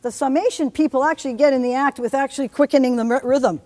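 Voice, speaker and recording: A woman teaching a music theory lecture to a class in a lively way, often humming or singing examples. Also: sits high, quick pace, big-room sound. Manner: lively, hums and sings examples. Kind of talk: university lecture.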